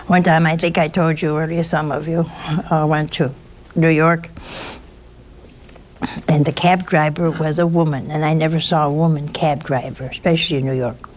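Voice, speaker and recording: A woman's voice: low-pitched, level tone, normal speed, slight background noise. A woman giving an informal sermon, telling chatty, teasing stories with a folksy touch. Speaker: religious speaker.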